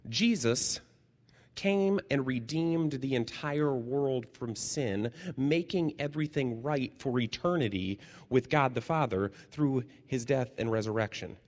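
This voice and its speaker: A man preaching in a large hall where his voice hangs in a long reverb. He talks slowly and deliberately, swinging from loud, lively bursts to hushed, almost whispered lines. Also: medium pitch. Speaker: chaplain and preacher. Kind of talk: sermon.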